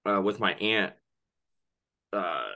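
A man's voice: lowish voice, takes it slowly, pushed and bright. A man hosting a casual podcast chat, reacting with incredulous interjections and questions. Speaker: podcast host.

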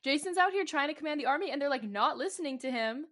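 Lively higher-voiced woman co-host. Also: quick pace. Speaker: podcast co-host. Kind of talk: casual chat and reading aloud.

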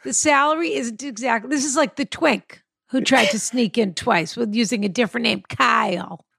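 Woman podcast host, fairly high voice, gravelly, dry close sound, playful and teasing. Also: moderate pace, fairly bright tone, no room sound. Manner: playful, teasing asides while reading. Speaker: podcast host answering listener advice emails. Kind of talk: casual chat, reading a listener email aloud.

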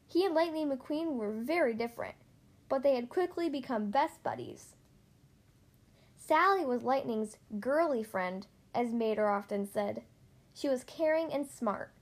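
A woman reading a children's storybook aloud in a gentle, expressive way. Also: high voice, a little slow. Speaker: storybook reader.

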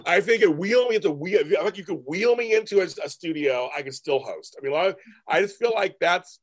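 A man in his fifties, appearing as a guest artist, speaks frankly and profanely in a relaxed interview, acting out his family in raised voices. He has a high-pitched, expressive voice and a fairly quick delivery.

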